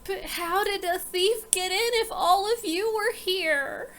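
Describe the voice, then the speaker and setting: Woman putting on a shrill panicking young barmaid. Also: slow, fairly bright tone, full character voice. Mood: distressed. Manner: wailing, crying out in panic.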